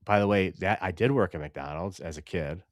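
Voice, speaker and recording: A man co-hosting a live podcast stream in casual banter, loud, animated, rambling and profane. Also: low voice, fairly quick, dry recording, studio quality. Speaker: podcast co-host.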